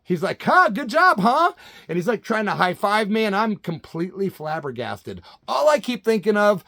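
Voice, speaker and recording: A man in his late fifties hosts his own storytelling channel, talking casually with lots of animation. His voice sits a little high for a man, and the sound is close and dry with no room around it. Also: vocal fry, dry recording. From Central Illinois. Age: 50s. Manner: animated, says "man" constantly. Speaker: channel host.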